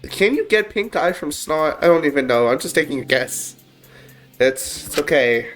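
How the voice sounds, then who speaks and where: A let's-play host reads a visual novel aloud at a mid-range pitch, rushing the narration and then slowing down to crack sarcastic jokes between lines. Faint music plays underneath. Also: expressive, a bit bright. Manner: sarcastic, joking asides.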